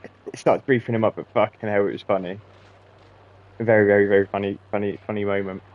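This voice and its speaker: A man's voice: on the low side, little pitch movement, quick pace, phone-quality sound. A young man swearing freely and laughing as he tells rambling stories while gaming. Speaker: gaming channel host. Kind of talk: casual storytelling while gaming.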